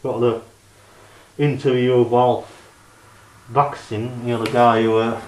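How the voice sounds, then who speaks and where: A man's voice: mid-range voice, flat delivery, slow pace. A man, rambling through a casual review vlog of his DVD collection and leaning on "you know" and "like" fillers. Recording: echoey room.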